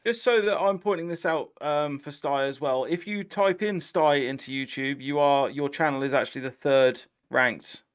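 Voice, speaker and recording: Man, slightly high voice, smooth and clear, friendly podcast chat. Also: normal speed, hardly any pauses.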